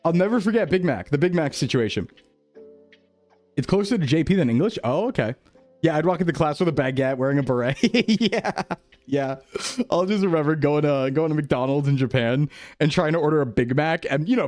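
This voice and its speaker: A man's voice: a little high, darkish tone. A man streaming, chatting casually with his viewers and laughing often. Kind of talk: casual chat reading chat.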